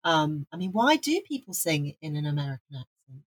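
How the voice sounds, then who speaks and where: A woman's voice: deep voice, very animated, brisk, breathy edge. A woman from Wales, co-hosting a podcast, talking casually and enthusiastically with frequent restarts. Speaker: podcast co-host. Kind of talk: casual chat.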